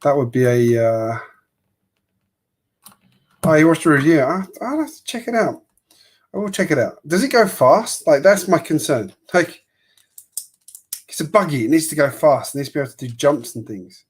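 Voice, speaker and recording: A man's voice: on the high side, animated, moderate pace, long pauses, slightly rough. A man hosting a livestream, chatting casually and rambling with opinions and frequent laughs while he builds. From Sydney, Australia. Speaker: livestream host building a toy kit.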